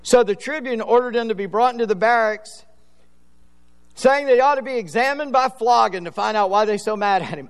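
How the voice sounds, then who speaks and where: A man's voice: extremely high pitch, fairly quick, smooth, in a large hall. A man preaching a sermon in a conversational way, acting out Bible scenes in slangy everyday voices. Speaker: pastor.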